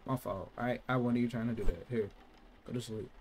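A man doing casual gaming commentary, reacting loudly and swearing, with sudden outbursts between quieter remarks. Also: medium pitch, fairly even intonation, fairly quick, slight background noise. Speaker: gaming channel host. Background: loud game music.

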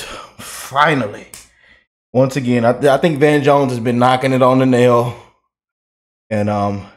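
A man giving casual political reaction commentary, chatty and loose, laughing often and repeating himself. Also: medium pitch.

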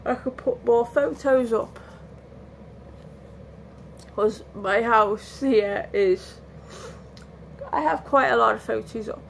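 A woman talks slowly and loosely from home in a casual vlog, worn out and given to restarts. Her fairly high voice has a gravelly edge, with a faint hiss underneath. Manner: rambling, candid, restarts often. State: tired, yawning. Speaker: vlogger. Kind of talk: casual lockdown vlog chat.

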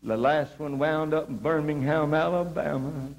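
A male evangelist from South Georgia, telling his testimony in a sermon with impassioned storytelling, his voice swinging high on emphasis. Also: normal speed, creaky. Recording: humming 1980s video recording.

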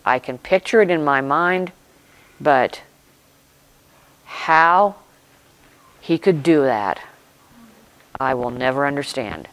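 Slow, deliberate preacher in short phrases. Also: mid-range voice, animated, fairly bright tone, dry recording, rough recording. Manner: explains and reflects aloud. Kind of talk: sermon retelling a scripture story.

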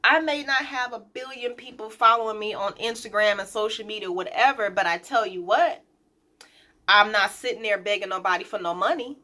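A woman's voice: mid-range voice, a little fast, pushed and bright. A woman business owner in a casual vlog, talking directly and emphatically, repeating her key points and addressing viewers informally. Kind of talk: casual motivational vlog talk.

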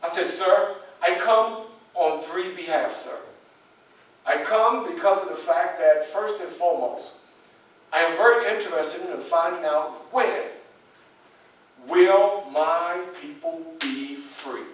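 A man's voice: a little high, slow. An actor playing a dignified 19th-century abolitionist, telling his story straight to a live audience. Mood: earnest. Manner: addresses the audience directly, animated storytelling. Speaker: historical reenactor. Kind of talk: first-person historical portrayal for a live audience. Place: library event room. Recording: echoey room from far off.

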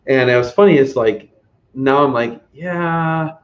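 A man's voice: mid-range voice, normal speed. Guy in his 30s chatting on a livestream, rambly, kinda dull lo-fi sound. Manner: relaxed, rambling with many fillers. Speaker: host. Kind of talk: casual livestream chat. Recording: slightly dull lo-fi audio.

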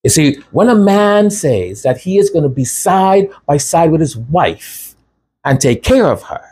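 A man's voice: fairly high pitch, big pitch swings, measured pace, a little mellow, husky. A man hosting a raw commentary monologue, impassioned and sarcastic. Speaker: channel host.

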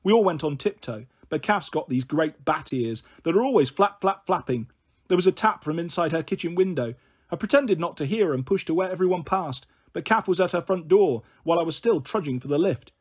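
A man reading a children's novel aloud, expressive in his narration. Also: a little high, brisk, slightly rough. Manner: expressive, shifts voice for characters. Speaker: storyteller.

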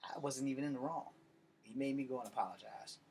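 Brash martial artist, swears constantly, tells it straight, over faint background noise. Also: male voice, mid-range voice, fast, vocal fry, darkish tone. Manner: profane, blunt and boastful. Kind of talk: casual storytelling monologue.

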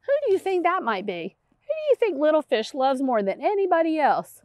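Woman, children's librarian; high, lively, encouraging read-aloud for toddlers. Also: fairly quick, hardly any pauses, dry recording, muffled recording. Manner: sing-song, exaggerated and encouraging, with many delighted gasps. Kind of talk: toddler storytime reading.

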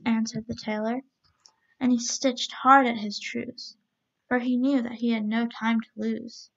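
Gravelly woman reading a storybook. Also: on the high side, measured pace. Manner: steady, even-paced read-aloud. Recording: dull lo-fi recording.

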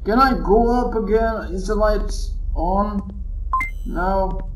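A man's voice: high-pitched, slow pace, echoey room, noisy background. A man commentating his own horror gameplay, jumpy and muttering curses to himself. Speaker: gamer playing a horror game.

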